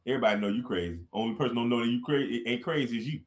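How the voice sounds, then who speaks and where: A man's voice: medium pitch, very fast, echoey room. A man talking as a guest in a casual chat, laid-back and full of slang, laughing as he tells stories.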